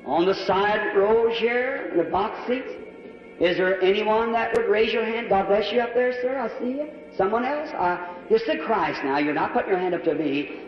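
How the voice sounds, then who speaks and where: A man preaching an altar call in a large church, pleading fervently and repeating his appeals. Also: sits high. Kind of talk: sermon altar call and prayer. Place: large church with balcony and box seats. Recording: old lo-fi hall recording from far off, faint music.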